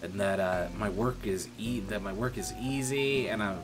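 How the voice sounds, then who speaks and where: A man's voice: fairly low pitch, moderate pace. A young man telling a rambling, profane story about an old coworker in a casual stream chat. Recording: music playing behind.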